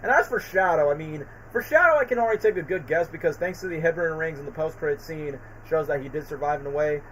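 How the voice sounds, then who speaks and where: A man chatting casually on a live stream, talking in an excited, rambling way with lots of fillers. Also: fairly high pitch, fast talker, slight background noise, rough recording. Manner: excited, rambling fan talk with many fillers.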